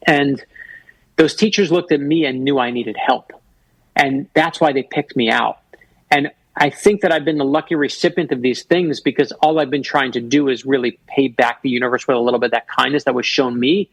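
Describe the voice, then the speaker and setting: A man with a gravelly, slightly husky voice tells a story on a talk show. He talks in animated bursts with quick restarts. His studio mic sounds dry and close. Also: mid-range voice, dry recording, poor audio. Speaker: guest author.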